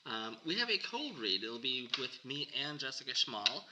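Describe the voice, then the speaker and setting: A man's voice: mid-range voice, big pitch swings, moderate pace, background noise. A man hosting a podcast in casual chat, chatty and rambling. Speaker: podcast host.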